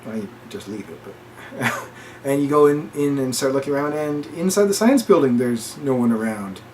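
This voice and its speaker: A man's voice: mid-range voice, lively intonation, normal speed, darkish tone, slight background noise. A man co-hosting a casual chat, retelling a story with lots of quoted dialogue and restarts. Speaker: podcast co-host.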